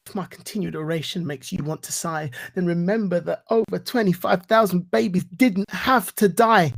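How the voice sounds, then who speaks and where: A man giving a reflective talk and reciting spoken-word poetry in an earnest, rhythmic way with deliberate pauses. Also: high-pitched, creaky. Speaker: guest speaker.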